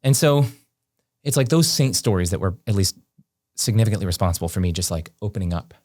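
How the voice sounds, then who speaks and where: Speaking quickly, a very low-voiced man shares a story on a podcast as a guest, relaxed and animated. His talk is packed with fillers like "like" and "um," captured in a close, dry sound without any room echo.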